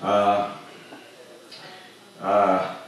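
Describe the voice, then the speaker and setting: A man doing an open-mic stand-up set in a comedy club, halting often with uhs and restarts. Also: lowish voice, monotone, recorded from a distance, dull audio, slight background noise. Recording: echoey club miked from afar.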